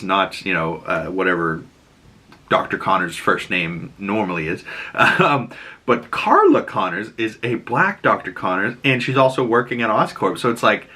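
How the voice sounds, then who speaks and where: A man's voice: on the low side, sharp tone, breathy edge. A man hosting a casual episode breakdown, rambling with lots of fillers and acting out lines of dialogue. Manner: rambling, many fillers, acts out quotes. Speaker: host.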